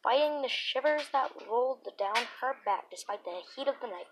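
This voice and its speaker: A woman reads a children's horror story aloud in a fairly high voice, telling it with drama and expression. She stumbles and restarts now and then. A faint hiss sits behind her. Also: animated, normal speed. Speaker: narrator.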